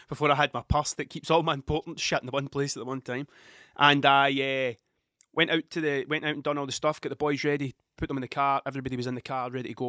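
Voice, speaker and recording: A Scottish man in his thirties tells a rambling, sweary story on his podcast, often restarting his sentences. His mid-range voice is bright and forceful, close-miked with no room sound.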